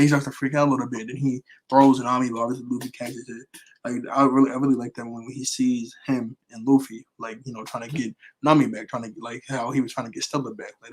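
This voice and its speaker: A man chatting casually in a fan review, rambling with many fillers and quick chuckles. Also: mid-range voice, poor audio. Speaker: anime vlogger.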